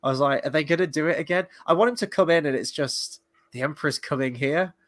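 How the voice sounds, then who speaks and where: A man's voice: a little high, fast talker, fairly bright tone. A man hosting a casual show review, rambling with lots of fillers and the odd swear word. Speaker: podcast host.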